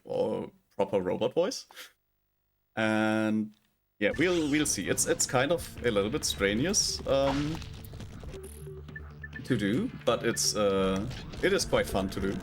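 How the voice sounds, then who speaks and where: A man, a native German speaker, streaming as a VTuber and chatting casually over gameplay, hesitant with many restarts and fillers. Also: lowish voice. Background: loud game music.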